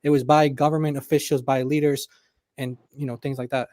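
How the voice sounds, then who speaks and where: A man co-hosting a live online debate, explaining in a halting way and often repeating his words. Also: mid-range voice, little pitch movement, a little mellow, dry recording. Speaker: co-host in a debate stream.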